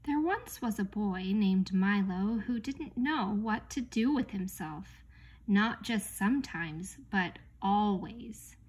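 A woman narrating a children's novel in an unhurried, expressive read-aloud manner. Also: medium pitch, slightly rough. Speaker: audiobook reader. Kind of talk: storybook narration.

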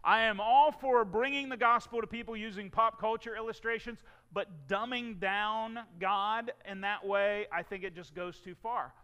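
A man's voice: sits high, moderate pace, hardly any pauses, pushed and bright, clear, resonant tone, big-room sound. A man preaching a sermon as pastor of a church, with emphatic rises and falls for stress.

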